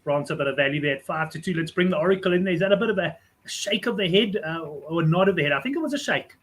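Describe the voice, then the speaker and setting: Brisk high-voiced male host. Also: expressive, a bit bright. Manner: brisk, steers the talk. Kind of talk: hosting a panel show.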